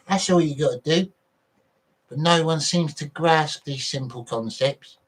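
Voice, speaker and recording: A man's voice: on the high side, normal speed, slightly rough, low-quality recording. A man hosting a livestream, reading out viewer messages and ranting in a blunt, profane way. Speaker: livestream host.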